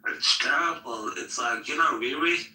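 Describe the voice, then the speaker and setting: A man's voice: mid-range voice, moderate pace, sharp tone. A man in heated casual banter, repeating profane insults. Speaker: streamer. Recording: echoey room, voice from far off.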